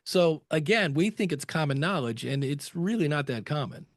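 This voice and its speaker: A man's voice: a little high, expressive, moderate pace, no room sound. Chatty man telling anecdotes, dry sound. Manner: chatty anecdotes with acted quotes. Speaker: podcast guest. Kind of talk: conversational interview storytelling.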